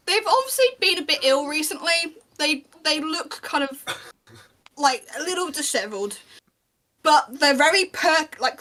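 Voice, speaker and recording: Woman game master, high bright voice, chatty narration, frequent ums. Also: poor audio. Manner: chatty, lots of ums and restarts.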